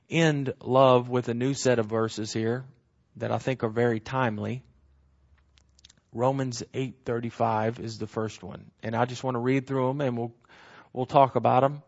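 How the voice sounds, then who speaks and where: A man's voice: mid-range voice, highs cut off. A man teaching through bible verses in a sermon, explaining word meanings and repeating key phrases for emphasis.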